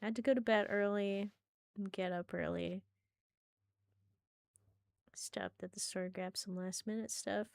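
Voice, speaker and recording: A woman streaming a game with giggly, excitable casual commentary. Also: medium pitch, a little slow, gravelly, long pauses, dry recording, studio quality.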